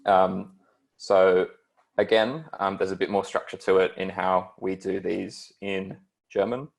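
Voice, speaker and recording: A man's voice: low voice, little pitch movement, unhurried, vocal fry. A young man tutoring an online beginners' German lesson, hesitant and full of ums as he explains.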